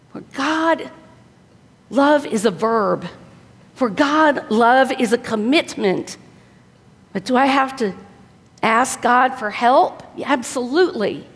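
An earnest woman preacher exhorts her listeners, with her voice pitched a little high. She often drops to a soft tone to land a point. Her words ring out under a long hall reverb. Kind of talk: sermon.

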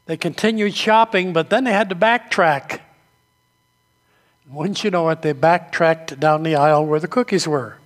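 High-voiced preacher in a reverberant hall. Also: male voice, moderate pace. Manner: storytelling preacher, acts out quoted voices. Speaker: pastor. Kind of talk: sermon.

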